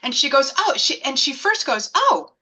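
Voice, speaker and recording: A woman in her thirties telling a personal story as an interview guest, animated and acting out the voices of people she quotes. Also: sits high, moderate pace, low-quality recording.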